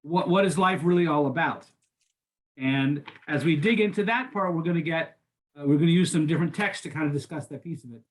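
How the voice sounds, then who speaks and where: A man's voice: fairly high pitch, brisk. Older man teaching an informal class. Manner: informal, frequent restarts and repeated words. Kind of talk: conversational lecture.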